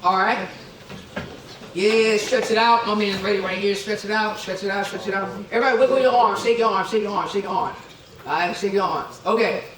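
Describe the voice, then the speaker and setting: A middle-aged man delivers an energetic motivational keynote in an event hall set with tables and chairs, counting out dance moves for the crowd and repeatedly asking "okay?" to draw responses. His voice is high and a little fast. The hall echoes, and he's picked up from a distance.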